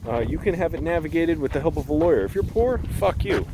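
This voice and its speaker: A man's voice: on the high side, lively intonation, fast, noisy background. A young man vlogging outdoors on a hillside while walking, rambling and swearing freely in a casual rant.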